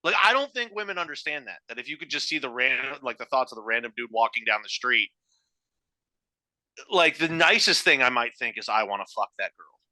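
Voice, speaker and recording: A man's voice: medium pitch, animated, brisk, sharp tone, no room sound. A man co-hosting a podcast in casual chat, cracking crude jokes. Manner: joking, crude humor, laughs. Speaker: podcast co-host.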